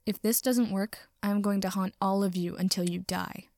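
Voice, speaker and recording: A woman voicing a sulky young male ghost who speaks in a flat, deadpan way. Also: medium pitch, normal speed, dry recording, studio quality, lightly acted. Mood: sullen.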